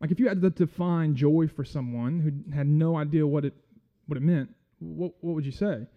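Male guest preacher, fairly high voice, friendly and halting, on a dull lo-fi recording. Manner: friendly, self-deprecating, halting with many fillers. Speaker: guest church speaker. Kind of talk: casual sermon.

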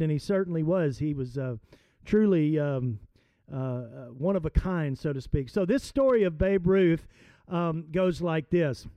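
Male preacher, chatty and halting, slows for emphasis; smooth, dry close sound. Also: fairly high pitch, warm tone, no room sound. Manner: conversational, hesitant with fillers, slows for emphasis. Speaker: pastor. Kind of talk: sermon with storytelling and scripture reading.

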